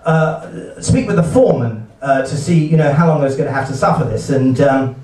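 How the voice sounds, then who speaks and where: A man doing a stand-up set at a live gig, talking in a hesitant, halting way with many fillers and restarts. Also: medium pitch, expressive, a little mellow. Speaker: stand-up comedian. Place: comedy venue, heard from the hall with a laughing audience. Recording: echoey hall, distant mic, audience laughter.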